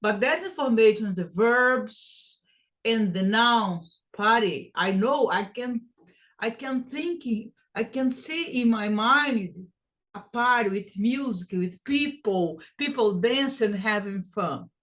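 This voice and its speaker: A woman's voice: a little high, animated, takes it slowly, a bit bright. A woman teaching English pronunciation, repeating phrases to show stress and rhythm. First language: Portuguese. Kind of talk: pronunciation lesson.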